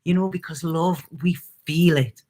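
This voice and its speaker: A woman's voice: fairly low pitch, steady tone, measured pace, mellow. A woman who reads tarot, talking to her viewers in a casual, earnest live stream about love and purpose, laughing easily and swearing now and then. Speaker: tarot reader hosting a live reading.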